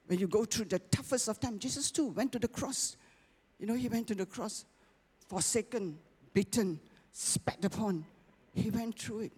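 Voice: medium pitch, a little mellow, slightly rough. Preacher checking in with "okay?". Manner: keeps checking in with "okay?" and "right?"; slows down and lifts the voice on scripture lines. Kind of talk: sermon. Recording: long reverb of a large hall.

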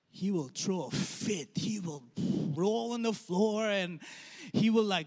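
A man in his thirties preaching a sermon, telling stories and letting his phrases trail off softly. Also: high voice, a little slow. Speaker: pastor. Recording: long hall reverb.

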